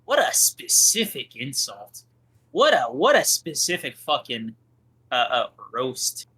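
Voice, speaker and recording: A man's voice: mid-range voice, big pitch swings, slow pace, sharp tone, husky. A man co-hosting a podcast in casual chat, teasing and joking with his co-host and the viewers.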